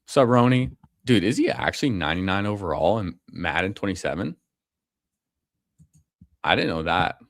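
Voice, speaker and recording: Low-voiced laid-back fantasy football streamer. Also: male voice, lively intonation, normal speed, vocal fry, long pauses, no room sound, studio quality. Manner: casual, slangy, calls people bro and man. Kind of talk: casual live commentary.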